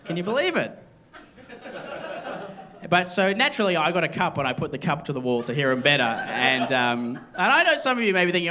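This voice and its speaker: Lively man doing stand-up. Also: on the high side, fairly quick. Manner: rambling, self-deprecating, lively delivery to a laughing crowd. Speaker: stand-up comedian. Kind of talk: stand-up comedy set. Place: comedy venue with a live audience. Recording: live show, audience laughter behind.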